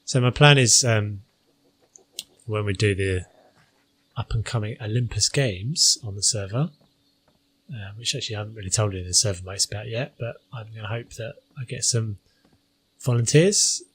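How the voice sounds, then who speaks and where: A man's voice: on the low side, normal speed, long pauses, fairly bright tone, slightly rough. A man hosting a gaming channel, talking through his gameplay in a casual, hesitant way with many fillers.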